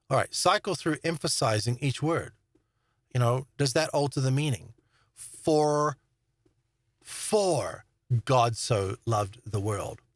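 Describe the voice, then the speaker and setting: A man's voice: mid-range voice, no echo. A man giving an informal Bible teaching talk, emphatic, stressing words and checking in with his listeners. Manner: emphatic, repeats words for stress, asks "all right?".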